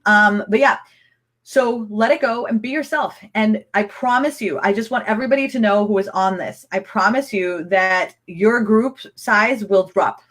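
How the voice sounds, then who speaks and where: A woman coaching a live-streamed training, chatty and excitable, rambling with restarts as she answers viewer comments. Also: medium pitch, normal speed. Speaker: online business coach.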